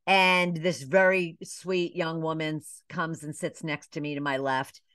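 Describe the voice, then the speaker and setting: A middle-aged woman from Atlanta, a business coach, telling her story in a casual interview, with lively asides, many fillers and short bits acting out other voices. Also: deep voice, measured pace, dry recording, clean studio sound. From Atlanta, Georgia. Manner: animated storyteller, acts out quoted voices, many "you know" fillers. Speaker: business coach and podcast guest.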